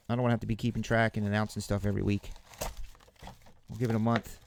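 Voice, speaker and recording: Gravelly man hosting a card break. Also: lowish voice, fast, long pauses, slight background noise. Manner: relaxed, chatty, joking with viewers. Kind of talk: casual live commentary while opening cards.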